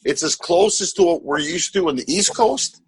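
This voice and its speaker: A middle-aged man hosting a podcast, talking in an animated, rambling way with swearing and laughter. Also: high-pitched, moderate pace, husky, no echo, rough recording. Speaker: podcast host. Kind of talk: casual podcast conversation.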